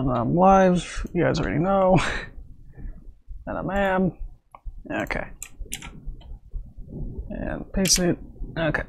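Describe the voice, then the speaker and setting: A man's voice: on the high side, gravelly, darkish tone, slight background noise. A man streaming live, chatting casually and rambling with lots of fillers and little laughs. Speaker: streamer and animator. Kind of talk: casual livestream chat.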